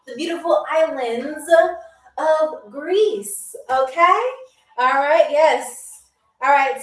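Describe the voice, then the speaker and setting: A woman hosting a live-streamed trivia game show, chatting to viewers and greeting them by name. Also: high-pitched. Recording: roomy echo, distant mic, faint music. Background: faint music from a DJ.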